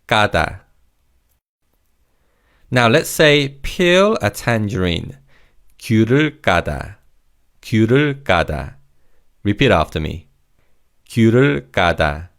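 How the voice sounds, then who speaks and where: Male language tutor, lowish gravelly voice, upbeat and encouraging. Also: fairly bright tone. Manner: encouraging, repeats each word slowly for learners. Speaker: Korean language teacher. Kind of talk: scripted language lesson.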